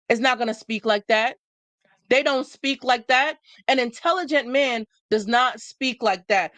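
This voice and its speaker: A woman hosts a live stream and lectures her viewers in an emphatic, preachy way, repeating her points for effect. Her voice sits fairly high. The sound is dry and close, with no room around it. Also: a bit bright, dry recording. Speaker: livestream host. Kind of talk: motivational live talk to viewers.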